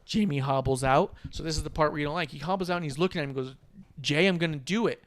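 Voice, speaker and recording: Podcast co-host, male, slightly higher voice, animated storyteller who acts out quotes. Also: very fast. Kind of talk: casual wrestling recap chat.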